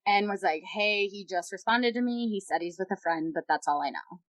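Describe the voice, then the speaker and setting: A woman's voice: medium pitch, fairly quick, no echo. A young woman guest on a podcast, candidly retelling a personal story with lots of quoted dialogue.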